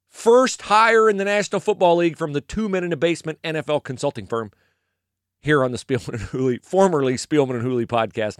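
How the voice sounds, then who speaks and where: A middle-aged podcast host talks casually about sports and reads an ad, telling animated stories and chuckling often. His mid-range voice is clear and resonant, recorded with no room sound and clean studio quality.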